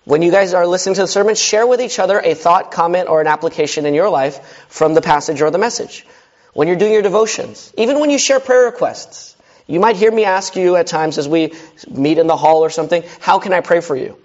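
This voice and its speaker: Male pastor, sermon, conversational and earnest, fairly high voice, dull lo-fi sound. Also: a little fast, a little mellow. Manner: earnest, conversational preaching with direct questions to listeners.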